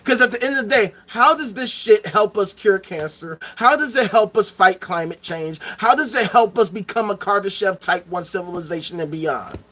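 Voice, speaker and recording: A vlogger rants angrily into the camera, heated and profane, driving his points home through repetition. His voice sits high, with a bright, forceful tone, and he keeps a moderate pace with few pauses while staying animated.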